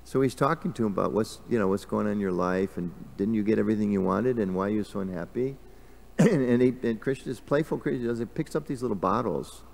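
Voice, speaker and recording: A man's voice: lowish voice, fast talker, gravelly, a little mellow. A man giving a casual scripture class in a temple, talking conversationally with lots of fillers and questions to the audience. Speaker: class speaker. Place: temple hall.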